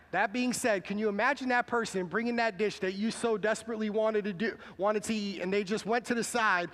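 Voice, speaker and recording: This pastor's voice sits high with a fairly bright tone, trailing a long reverb through the church sanctuary. He delivers his sermon conversationally, asking the congregation questions as he goes.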